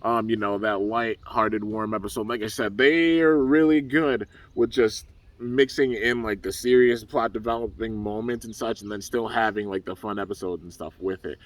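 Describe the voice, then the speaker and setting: A man's voice: lowish voice, moderate pace, no room sound, recorded from a distance. Laid-back young man recapping, off mic. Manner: laid-back, rambling, full of fillers. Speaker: YouTube reviewer. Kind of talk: casual episode review.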